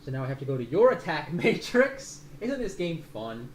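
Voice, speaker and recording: A man's voice: a little high, big pitch swings, moderate pace. Guy running a tabletop game, rambly and confused by the rules, echoey room, a bit of background hiss. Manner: rambling, muddled by the rules, casual swearing. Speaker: game master. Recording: roomy room sound.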